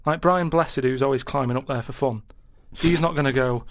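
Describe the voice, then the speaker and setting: A man's voice: medium pitch, brisk, few pauses, a bit bright, dry recording, studio quality. A man in casual radio chat, blunt and matter-of-fact, arguing odd ideas in plain terms. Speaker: radio show regular.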